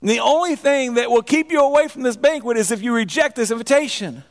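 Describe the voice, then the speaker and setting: Guy preaching a sermon, pretty high voice, stumbles and repeats words, echoey church hall. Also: fast. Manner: repeats words and restarts, swings from hushed to emphatic. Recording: long reverb of a hall.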